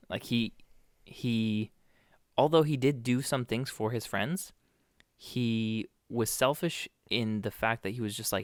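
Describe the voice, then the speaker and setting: A young man co-hosting a podcast in a casual chat, often pausing to search for the right words. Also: mid-range voice, dry recording, studio quality. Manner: hesitant, searches for words with fillers. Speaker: podcast co-host.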